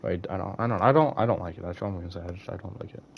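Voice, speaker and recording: A man's voice: low-pitched, racing, vocal fry, dull audio. A young man streaming, chatting casually to his viewers, rambling with lots of fillers and restarts. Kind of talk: casual live-stream chat.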